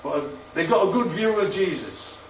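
A man preaches a sermon in a high, expressive voice at a moderate pace, often questioning his congregation and repeating their answers back to them. Crowd noise fills the roomy, distant, muffled hall recording.

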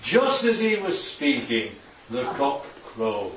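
A man's voice: mid-range voice, very animated, slow pace, a bit bright, a little hiss or hum. A man preaching a chatty sermon with slides to his congregation, constantly checking in with tag questions. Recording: echoey hall, distant dull mic.

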